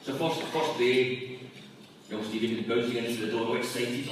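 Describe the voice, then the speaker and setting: Casting: a dry, deadpan man delivering after-dinner jokes, recorded from far off in a boomy function room. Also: moderate pace. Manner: dry, deadpan joke-telling. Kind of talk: comic after-dinner speech. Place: large function room at a company event. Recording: echoey hall from far off with room noise.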